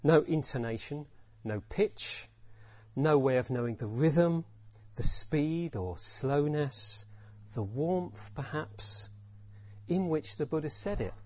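Husky guy giving a dharma talk, musing, lots of pitch swings, keeps asking isn't it. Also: expressive, slow, a little mellow, dry recording. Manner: reflective, repeats phrases, asks rhetorical questions. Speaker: dharma teacher.

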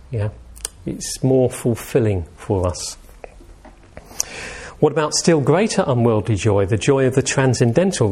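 A man teaches a meditation class in an easy, conversational way. He speaks gently and keeps turning statements into questions for his listeners. His voice sits at an ordinary middle pitch. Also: slightly rough. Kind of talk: informal dharma talk.

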